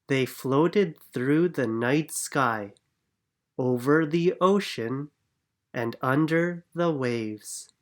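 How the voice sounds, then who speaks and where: A calm storybook reader narrating a children's picture book. Every word is spoken very slowly and clearly, at an unhurried bedtime pace. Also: mid-range voice.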